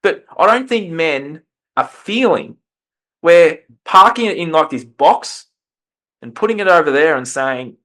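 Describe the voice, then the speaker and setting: Male podcast guest and coach, a touch high-pitched, impassioned, restarts his phrases. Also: normal speed, a bit bright. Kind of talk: earnest conversational interview.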